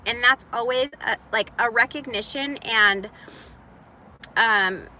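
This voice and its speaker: A woman speaks to her online community on a live stream, her voice bright and a little forceful. She talks haltingly and emotionally, close to tears and apologizing as she goes. A faint hum of noise sits behind her. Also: on the high side, low-quality recording. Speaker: vlogger, single mom.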